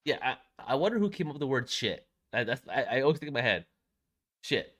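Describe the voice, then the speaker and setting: Lively young man in casual chat. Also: medium pitch, fairly quick. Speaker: podcast co-host.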